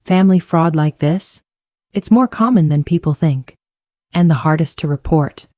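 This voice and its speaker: A woman voicing a calm, efficient fraud investigator who speaks plainly and matter-of-factly. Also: low-pitched, normal speed, dry recording, studio quality, lightly acted.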